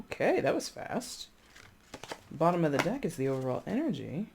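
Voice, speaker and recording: A chatty tarot reader gives a casual reading, speaking straight to viewers, rambling, searching aloud for words, and frequently checking in with "okay?". The voice is medium-pitched, creaky, very animated and unhurried, with heavy background noise.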